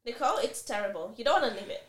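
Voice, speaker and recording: High, lively woman telling a dramatic story. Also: rapid-fire, roomy sound. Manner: dramatic, swearing, acts out quoted people. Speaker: podcast co-host. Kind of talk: casual chat, animated storytelling.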